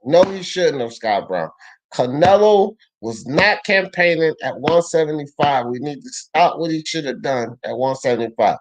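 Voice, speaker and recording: A young man hosting a casual live boxing talk stream, reading the chat out loud, answering it, and arguing in slang. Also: fairly high pitch, moderate pace, poor audio. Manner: animated, slangy, argues with chat.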